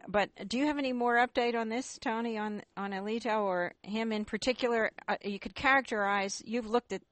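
A woman's voice: fairly high pitch, a bit bright, dry recording. Female talk radio host, dry close sound, stop-start questioning. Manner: hesitant, halting questions with restarts.

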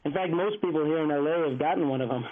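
A man's voice: a little high, fast. Man calling in over a tinny phone line. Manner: rambling anecdote with many fillers. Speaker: field organizer reporting in. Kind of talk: casual radio report.

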